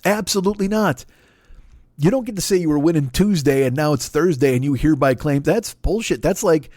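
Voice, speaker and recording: A man's voice: fairly high pitch, no room sound. Profane ranting comedian man, dry sound. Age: 40s. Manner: profane, exasperated, animated. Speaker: comedian podcast host. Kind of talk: solo comedic rant.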